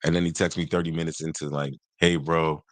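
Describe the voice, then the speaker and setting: A man with a very low, deep voice chats casually on a podcast, cracking jokes and imitating other people's speech. The sound is dry and close, with no room echo. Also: rapid-fire. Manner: joking, animated storytelling with mimicked quotes. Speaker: podcast co-host. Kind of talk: casual chat.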